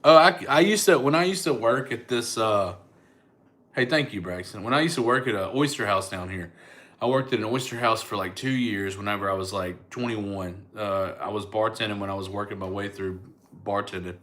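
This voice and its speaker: A man's voice: on the low side, moderate pace, a bit bright. A middle-aged man, a comedian chatting casually on a livestream and answering viewers' comments. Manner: laid-back, chatty, thanks viewers by name.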